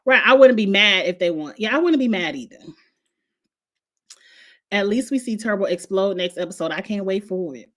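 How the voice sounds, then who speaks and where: A woman's voice: mid-range voice, expressive, normal speed, pauses often, fairly bright tone. Woman ranting about reality tv, blunt and opinionated, cusses a lot, aave. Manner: blunt, opinionated, swears freely. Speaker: host. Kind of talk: casual reality TV recap.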